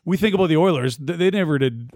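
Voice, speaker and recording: A man's voice: on the high side, animated, fast talker, darkish tone, no echo, studio quality. A man co-hosting a casual sports talk show, making confident, argumentative points.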